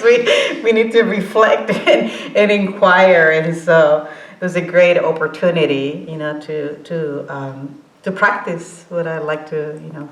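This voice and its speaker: A woman in her forties giving an informal meditation talk, halting with many fillers and restarts, often breaking into laughter. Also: fairly low pitch. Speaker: meditation teacher. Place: meditation hall. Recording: roomy hall sound.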